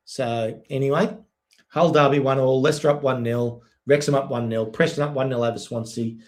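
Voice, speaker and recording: A man giving live, excitable play-by-play on a fan watch-along stream, chatting with viewers between plays. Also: mid-range voice. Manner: excitable, quick play-by-play with frequent "yep"s. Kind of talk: live match commentary and chat with viewers.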